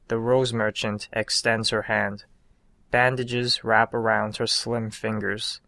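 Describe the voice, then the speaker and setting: Man reading his own story, slow pace, bright clear tone, dry close sound. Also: medium pitch, steady tone, no echo. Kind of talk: scripted narration of a short story.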